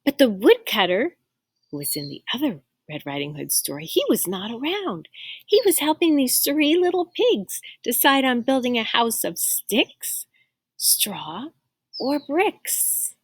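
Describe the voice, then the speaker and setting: A woman reading a picture book aloud to children, expressive, stopping to explain words and ask the listeners questions. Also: a little high, measured pace, breathy edge, no room sound. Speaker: storyteller.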